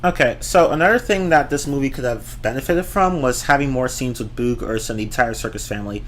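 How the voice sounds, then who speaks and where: A man's voice: medium pitch, fast talker, a little hiss or hum. A man giving a ranting movie review, exasperated and profane, often repeating and restarting his words.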